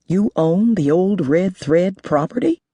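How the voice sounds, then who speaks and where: A woman voicing a blunt, determined male whiskey collector in an audiobook reading, lowering her voice for him. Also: animated, measured pace, mellow, breathy edge, dry recording. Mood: wary. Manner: blunt, exasperated.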